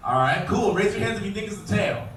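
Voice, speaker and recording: A man presenting a live alligator show, joking with and quizzing the crowd and calling out loudly to them. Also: high-pitched, lively intonation, fast talker. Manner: calls out loudly to the audience. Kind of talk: live comedic animal demonstration. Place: outdoor show arena. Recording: echoey, distant outdoor recording with faint noise.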